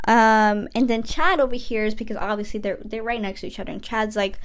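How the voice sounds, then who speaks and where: A young woman vlogger recapping a movie in a chatty, casual way, often slipping into quick quoted asides. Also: on the high side.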